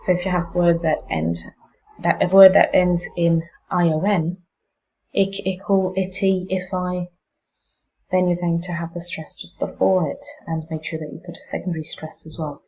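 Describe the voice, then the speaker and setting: A woman's voice: lowish voice, level tone, moderate pace, mellow, highs cut off, slight background noise. Woman teacher demonstrating word stress. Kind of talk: pronunciation exam tips lesson.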